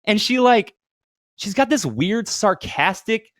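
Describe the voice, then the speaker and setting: A man's voice: high voice, big pitch swings, slow pace, a bit bright, no echo, clean studio sound. A man co-hosting a podcast, talking casually in a rambling, profane, storytelling way. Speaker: podcast co-host. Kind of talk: casual chat.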